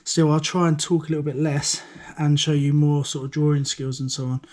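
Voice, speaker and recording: A man teaching a step-by-step drawing lesson in a monotone voice, a little out of breath. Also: fairly high pitch, fairly quick. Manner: calm, explains while drawing.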